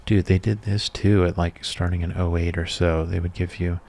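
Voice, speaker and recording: A deep-voiced man in his thirties, talking in a soft-spoken ASMR style. He rambles casually and nostalgically, with a low, easygoing voice. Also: level tone, normal speed, gravelly, a little hiss or hum. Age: 30s. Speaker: ASMR creator.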